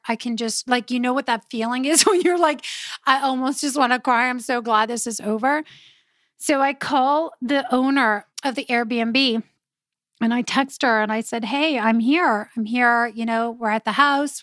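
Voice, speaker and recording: A woman hosting a podcast, telling a personal story in a lively, casual way, laughing often and talking straight to her listeners. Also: fairly high pitch, no echo, studio quality. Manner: animated, laughs often, addresses listeners directly. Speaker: podcast host.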